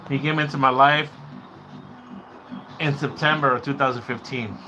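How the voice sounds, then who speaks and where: A man hosting a loose, rambling livestream and chatting straight to his viewers. His voice is bright and forceful, and he mixes Spanish words into his talk. Now and then he breaks into excited whoops. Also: medium pitch, normal speed, slight background noise. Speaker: livestream host. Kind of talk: casual livestream chat with viewers.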